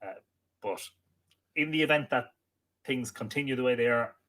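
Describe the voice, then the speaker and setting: An Irish man hosting a live stream, reading out viewer comments and greeting each person by name, friendly, with halting restarts. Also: medium pitch, sharp tone. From Ireland. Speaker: livestream host.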